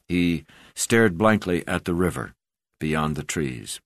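Man, very deep voice, calm reflective memoir narration, dry close-mic studio sound. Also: slow, no echo. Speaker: audiobook narrator. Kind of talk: scripted first-person memoir narration.

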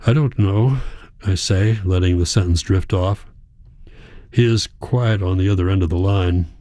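A man narrates a first-person story in a quiet, measured way. His voice sits low with a dark, mellow tone. The close mic sounds dry with no room behind it. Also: steady tone, dry recording. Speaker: audiobook narrator.

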